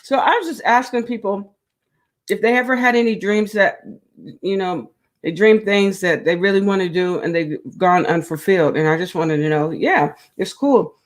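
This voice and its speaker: A woman's voice: medium pitch, moderate pace. Woman, crochet livestream host, casual chatter, reads comments aloud, easy laughs.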